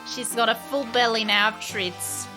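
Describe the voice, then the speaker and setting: A woman's voice: on the high side, fairly even intonation, measured pace, over music. A woman streaming live, chatting casually, cooing at her dog in baby talk and giggling as she thanks her viewers.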